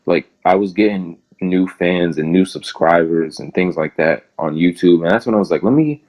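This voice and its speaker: A man's voice: low voice, steady tone, moderate pace, darkish tone, low-quality recording. A young man, a guest in an interview, telling a long story in a rambling casual way and filling nearly every phrase with "like".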